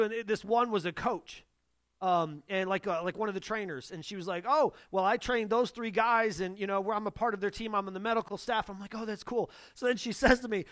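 A young adult male pastor preaching a sermon, telling personal stories in an animated way and acting out the dialogue. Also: very high voice, no echo. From Northern US. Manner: animated storytelling, acts out dialogue.

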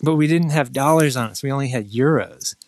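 A man's voice: medium pitch, brisk, no echo, clean studio sound. A man telling a long, rambling anecdote in a casual chat, restarting sentences often. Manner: rambling storyteller with many restarts, mimics people in quotes. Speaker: guest telling a travel story.

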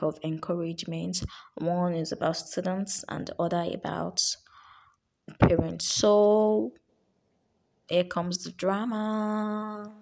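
Slow, gravelly woman giving a pep talk. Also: fairly low pitch, a little mellow. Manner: unhurried, earnest, often drops to a whisper. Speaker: speaker giving an encouragement talk. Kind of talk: casual motivational talk.

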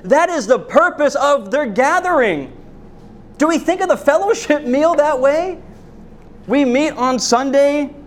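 High-voiced pastor preaching with questions. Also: male voice. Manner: repeated rhetorical questions, frequent restarts. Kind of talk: sermon.

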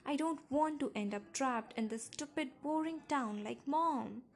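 A woman voicing a tearful yelling teenage girl. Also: high voice, very slow, pitched above the performer's own voice, full character voice. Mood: pleading angry. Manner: yelling and shrieking through tears.

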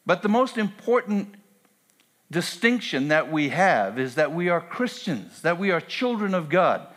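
A man preaching a sermon, moving from a quiet prayer into earnest, emphatic preaching with repeated phrases. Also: high voice, very animated, measured pace. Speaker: pastor.

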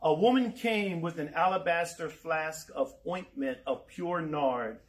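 A man with a fairly high voice preaches with energy, firing rhetorical questions at his listeners and chuckling now and then. His voice rings through a roomy church hall. He stands some way back from the mic. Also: measured pace. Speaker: pastor. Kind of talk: sermon. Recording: roomy echo, mic far off.

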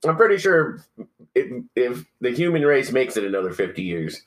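A man's voice: mid-range voice, very animated, normal speed, poor audio. Profane joking male podcast host. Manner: profane, joking, mocks old-timey speech. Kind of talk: casual chat.

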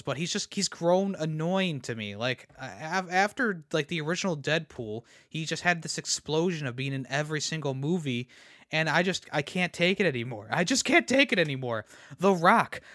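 A man's voice: fairly high pitch, fairly bright tone, dry recording, clean studio sound. A young man hosting a podcast, ranting casually about pop culture. He rambles, repeats words and laughs at his own jokes. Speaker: podcast host. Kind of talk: casual opinion rant.

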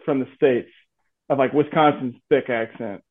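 A man's voice: medium pitch, normal speed, breathy edge. A man, hosting a podcast in casual conversation, musing thoughtfully and hedging with filler words. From Atlanta, Georgia. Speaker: podcast host. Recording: tinny phone-like line.

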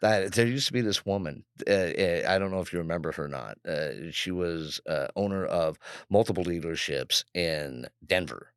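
A man's voice: low-pitched, lively intonation, normal speed, few pauses, smooth, no room sound, studio quality. A man co-hosting a podcast in casual chat, rambling and profane as he tells stories. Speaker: podcast co-host.

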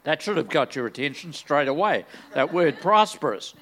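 A man's voice: on the high side, very animated, moderate pace, a bit bright. An older man preaching a sermon in a large church, enthusiastic and full of joking, self-deprecating asides. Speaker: guest preacher.

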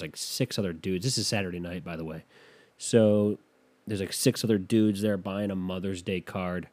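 A man's voice: low-pitched, darkish tone. A man telling a rambling, self-deprecating story in casual chat, losing his thread and picking it back up.

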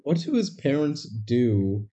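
Dry-witted man, mellow voice. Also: mid-range voice, sing-song, slow. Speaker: podcast co-host. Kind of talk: casual chat about a movie.

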